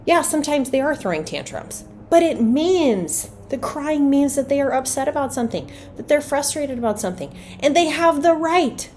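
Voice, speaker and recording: A woman's voice: high-pitched, expressive, moderate pace, hardly any pauses, a little mellow, slight background noise. A woman hosting a solo podcast on parenting, talking earnestly and conversationally and asking her listeners rhetorical questions. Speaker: podcast host.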